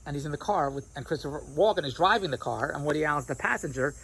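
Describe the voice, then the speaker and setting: A man in a rambling, animated vlog monologue who keeps imitating other people's voices as he tells his stories. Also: fairly high pitch, quick pace, gravelly, husky, low-quality recording. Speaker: vlogger. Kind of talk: rambling self-recorded monologue.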